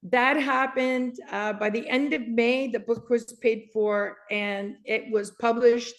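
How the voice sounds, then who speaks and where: A woman's voice: a little high, slow. A woman in her sixties from Canada, a guest author recounting a story with frequent laughter and acted-out dialogue. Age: 60s. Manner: lively, laughs often, acts out quoted dialogue. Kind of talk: animated storytelling in an interview.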